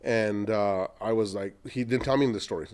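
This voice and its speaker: A middle-aged man, an entrepreneur, telling long animated anecdotes in a podcast interview and acting out what other people said. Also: fairly low pitch, normal speed, clear, resonant tone. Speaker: entrepreneur guest.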